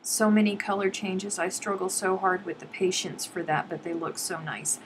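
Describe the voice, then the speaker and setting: A woman's voice: on the low side, steady tone, moderate pace, a little hiss or hum, low-quality recording. A middle-aged woman hosting a casual live stream and chatting with her viewers, reading their comments aloud playfully. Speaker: livestream host.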